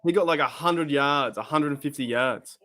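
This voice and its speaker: A man with an Australian accent hosting a live-stream reaction, chatting casually in a rambling, animated way and swearing freely. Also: on the high side, a little fast. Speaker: host.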